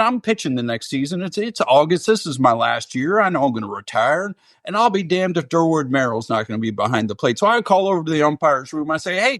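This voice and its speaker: A man's voice: high voice, fairly bright tone, dry recording, studio quality, pitched above the performer's own voice. A man doing an impression of an older Texan ballplayer with a Southern drawl, telling a folksy story. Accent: Southern US drawl, as put on. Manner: folksy, drawling yarn-spinning.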